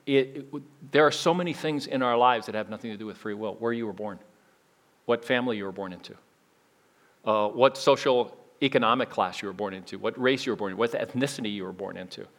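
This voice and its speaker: A man preaching a sermon in a conversational way, with frequent restarts and big swings between loud emphasis and quiet asides. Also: medium pitch, fairly quick. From United States. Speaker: pastor.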